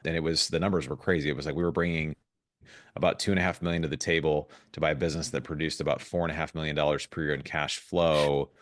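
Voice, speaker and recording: A man speaking as a guest in a podcast interview, telling stories in an animated way with frequent restarts. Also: a bass voice, dry recording, clean studio sound. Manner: fast, animated storytelling with restarts. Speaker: guest investor.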